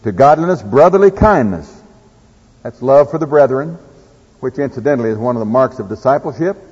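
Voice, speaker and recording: A man's voice: medium pitch, animated, fairly quick, darkish tone, husky. A man with an Oklahoma accent preaching a sermon in a folksy way, telling farm stories and reading scripture. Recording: echoey hall, dull lo-fi sound.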